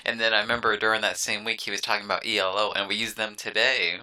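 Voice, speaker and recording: A man's voice: on the low side, level tone, fast, pushed and bright. A man co-hosting a casual podcast, laid-back and laughing often. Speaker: podcast co-host.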